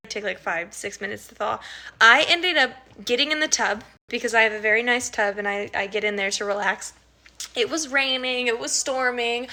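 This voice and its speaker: Bright, chatty woman livestreaming. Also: a little high. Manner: rambling, swears freely, laughs mid-story. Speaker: musician hosting a livestream. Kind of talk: casual livestream chat, reading viewer comments.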